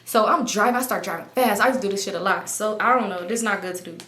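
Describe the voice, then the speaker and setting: A young woman in her twenties telling a personal story to her viewers, animated and full of profanity. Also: mid-range voice, rapid-fire, reverberant. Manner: animated, profane, laughing often. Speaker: storytime vlogger. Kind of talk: casual storytelling.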